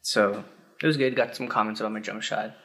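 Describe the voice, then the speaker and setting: A young man in a relaxed podcast chat with friends. He wanders through his stories and keeps stopping to fill the gaps with filler words. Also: on the low side, creaky. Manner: rambling, full of "like" and trailing pauses. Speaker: podcast co-host. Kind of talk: casual chat among friends.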